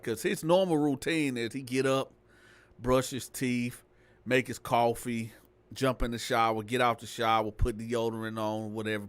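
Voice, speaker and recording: A man telling a story in casual storytelling style, acting out each character. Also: medium pitch. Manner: animated, acts out every character. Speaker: storyteller host.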